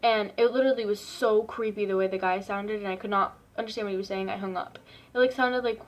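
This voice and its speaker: A woman's voice: mid-range voice, steady tone, fast talker. A young woman vlogger telling a story in a casual, rambling way, full of "like" and swearing. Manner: chatty, rambling, swears freely, lots of "like".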